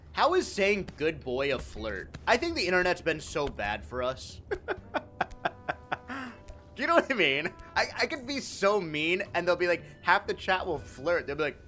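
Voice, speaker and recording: A young man live-streaming in casual chat, animated and profane as he jokes back at his viewers. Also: sits high, unhurried, long pauses, faint music behind. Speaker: livestreamer.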